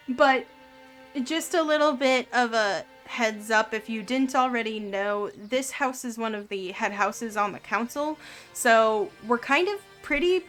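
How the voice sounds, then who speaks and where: A woman game master narrates a tabletop game, describing places in loose, filler-heavy speech. Her voice is bright and sits slightly high. Faint background music plays under her.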